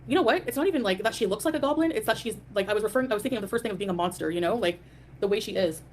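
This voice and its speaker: A woman's voice: medium pitch, lively intonation, racing, darkish tone, slight background noise. A woman hosting a live stream, ranting in a defiant, dismissive way and greeting chat viewers. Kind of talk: casual live stream rant.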